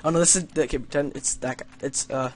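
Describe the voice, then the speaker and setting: A man's voice: a little high, quick pace, a little hiss or hum. Young man narrating a game, wry and playful. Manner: reads story lines in mock-dramatic tone, then jokes wryly at himself. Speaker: gamer playing an adventure map. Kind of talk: let's play commentary.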